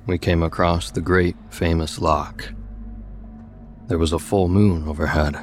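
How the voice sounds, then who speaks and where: A man narrating a scripted horror story in a measured, steady storytelling manner. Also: low voice.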